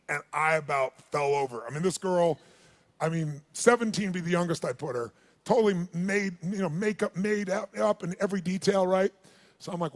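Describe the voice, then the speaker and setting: A man with a high voice for a man gives a motivational seminar in a large event hall, telling stories in an animated way. He keeps turning to the crowd and asks them to shout answers and raise their hands. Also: fairly quick. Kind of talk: live seminar storytelling to an audience.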